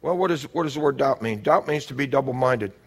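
A man preaching a sermon, building to shouted exhortations and stretching out repeated phrases. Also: medium pitch, quick pace, vocal fry.

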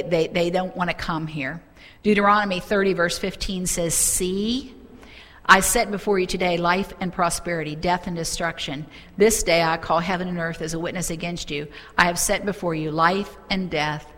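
A middle-aged woman preaching a sermon, telling a story with fervent, animated delivery. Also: fairly low pitch, long reverb tail.

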